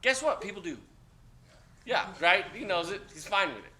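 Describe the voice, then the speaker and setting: A man lecturing a class of cadets, blunt and joking, with loud outbursts. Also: sits high, big pitch swings, normal speed. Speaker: instructor.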